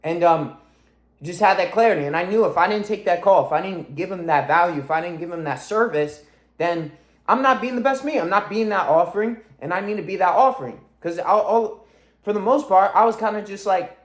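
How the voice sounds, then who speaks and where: He's a fitness coach in his twenties, voice pitched high and brisk, sounding roomy as he vlogs from home. The monologue is intense, profane, and self-motivated.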